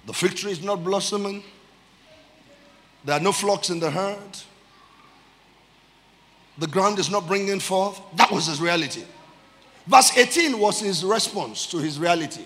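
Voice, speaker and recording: A man preaching a sermon, calling out to the congregation and stretching key phrases with loud emphasis. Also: high-pitched, expressive, normal speed, pauses often, big-room sound. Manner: call-and-response with the congregation. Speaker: pastor. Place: church.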